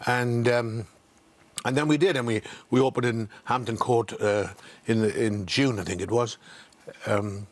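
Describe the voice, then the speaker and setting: An older man, a singer, speaking as a guest on a morning TV show, halting with restarts and fillers. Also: mid-range voice, fairly even intonation, dry recording. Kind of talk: casual interview chat. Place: TV studio.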